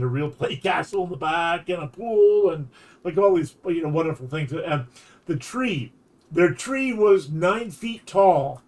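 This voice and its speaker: Guy streaming and telling a long rambly story, kinda high voice, keeps restarting sentences. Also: darkish tone. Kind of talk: casual storytelling chat.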